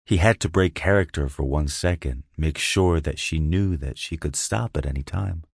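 Super deep husky guy reading an erotic audio story, slow and hushed, dry close mic. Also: no echo. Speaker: narrator.

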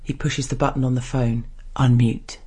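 A man reading a first-person erotic story aloud in a soft, hushed, restrained way. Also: mid-range voice, level tone, moderate pace, breathy edge. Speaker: story narrator.

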